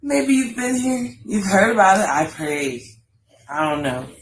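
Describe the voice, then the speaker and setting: A woman hosting a word game on a live chat, dry and unimpressed. She speaks very slowly and deliberately, at a middle pitch. A faint hiss sits behind her voice. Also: sing-song, low-quality recording. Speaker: podcast co-host.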